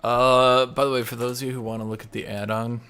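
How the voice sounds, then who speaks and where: A man streaming live, chatting casually and enunciating loudly into a desk mic. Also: flat delivery, fairly quick, clear, resonant tone. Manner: loud, enunciating into the mic, swings to a low normal voice.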